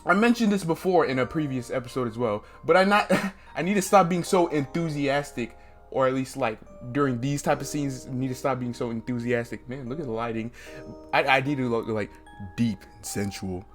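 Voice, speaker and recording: A man's voice: medium pitch, brisk. Male gaming YouTuber, reads dating-game text with jumpy asides, faint music behind. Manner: excitable, laughing asides. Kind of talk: reading a dating game aloud with commentary.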